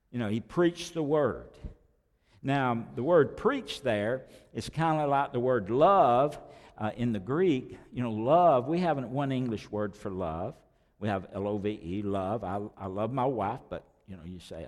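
A pastor preaching a sermon, talking conversationally with sudden loud rises and quiet drops. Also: male voice, medium pitch, long reverb tail.

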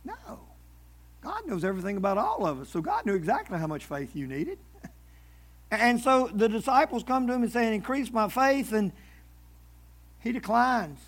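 A man's voice: high-pitched, sing-song, normal speed. A man preaching a sermon in a conversational way, often restarting his words and acting out what people say. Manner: conversational preaching with many repeated starts and acted-out quotes. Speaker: pastor.

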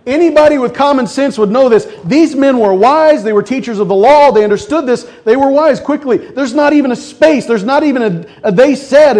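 A man's voice: sits high, darkish tone. A middle-aged man preaching a sermon as pastor, talking conversationally, cracking jokes and acting out quotes.

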